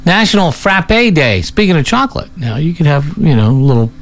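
A man's voice: fairly high pitch, sing-song, brisk. Chatty male radio host. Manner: chatty, stumbles over hard words. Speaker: radio morning show host. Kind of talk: casual radio banter.

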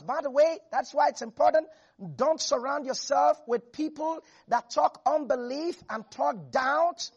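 A preacher giving an animated sermon, asking the congregation for responses and jumping between loud and soft delivery. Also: sits high, highs cut off. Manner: animated, laughing asides, shifts loud and soft. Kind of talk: lively sermon.

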